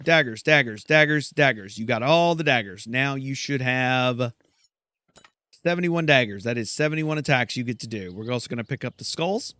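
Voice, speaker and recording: A man's voice: mid-range voice, normal speed, sharp tone, clear, resonant tone, dry recording. A man commenting on his gameplay in a rambling, chatty, self-deprecating way. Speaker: gameplay host. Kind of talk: let's play commentary.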